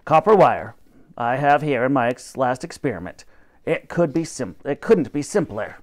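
A man's voice: medium pitch, expressive, normal speed, lightly acted. A man voicing a grand, snappish old professor who commands and lectures. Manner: commanding, pompous, bursts of rising emphasis.

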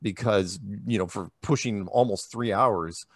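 A man's voice: lowish voice, a little slow, breathy edge, dry recording, studio quality. A man from the United States, talking casually in an interview, rambling with many restarts and quoted asides. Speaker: interview guest.

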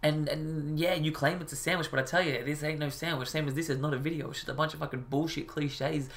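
A man's voice: on the high side, fairly even intonation, fast, fairly bright tone. Brief: a profane, frustrated male commentator who rants about a video. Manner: profane, exasperated ranting. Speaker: reaction video host. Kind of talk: ranting commentary.

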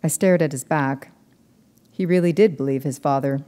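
A woman novelist reading her book aloud in measured, steady narration. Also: sits low, in a large hall.

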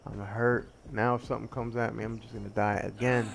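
A brisk, gravelly man with a lowish voice narrates a survival game in a rambling, joking way, often wandering off topic and teasing himself; a faint hiss or hum sits under the recording. When something attacks, he yelps with excitement.

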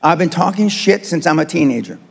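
A gravelly man in his seventies addresses a live crowd with a blunt, provocative motivational speech. His voice sits a little high for a man, and he pads his points with frequent fillers. A long reverb from the hall trails his words. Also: expressive, fairly quick. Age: 70s. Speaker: motivational speaker.

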